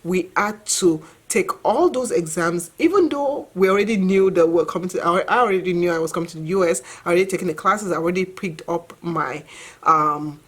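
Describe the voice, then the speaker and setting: Woman in her forties, lowish voice. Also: a little fast, breathy edge. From Nigeria. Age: 40s. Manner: reflective, earnest, conversational with fillers. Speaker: vlogger and mother. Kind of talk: personal storytelling to camera.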